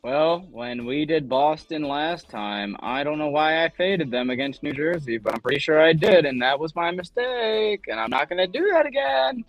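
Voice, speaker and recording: A man's voice: fairly high pitch, expressive, moderate pace, hardly any pauses, dry recording, lo-fi sound, faint music behind. A man co-hosting a sports podcast, ranting casually with heavy swearing and sarcasm. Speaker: podcast co-host.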